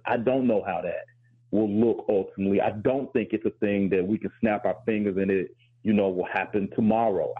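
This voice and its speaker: A man's voice: fairly low pitch, breathy edge. A man hosting a radio talk show, reflective and candid, often stammering as he starts a thought. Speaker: host. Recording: phone-like lo-fi line.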